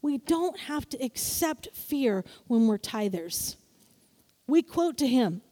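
A woman's voice: high-pitched, takes it slowly. A middle-aged woman preaching a sermon, telling stories playfully and acting out voices. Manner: animated, playful storytelling with acted-out voices. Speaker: pastor.

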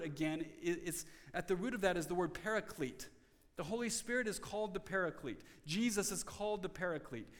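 A man with a high voice preaches an earnest expository sermon, often restarting as he works through the passage. His words ring out with a long reverb from a church hall. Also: fairly bright tone. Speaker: pastor.

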